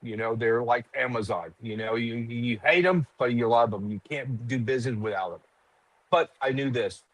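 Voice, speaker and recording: A man's voice: medium pitch, normal speed, no echo, poor audio. A middle-aged man in casual podcast chat, telling stories animatedly, acting out quotes and swearing freely. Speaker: cigar company guest.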